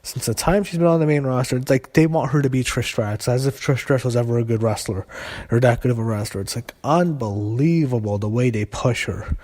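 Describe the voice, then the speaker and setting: A young adult man talks through a wrestling broadcast in an unscripted rant. His voice sits at an everyday middle pitch. He rambles with fillers and curses freely when frustrated. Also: brisk, a little mellow. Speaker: wrestling show reviewer. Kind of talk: casual rant review.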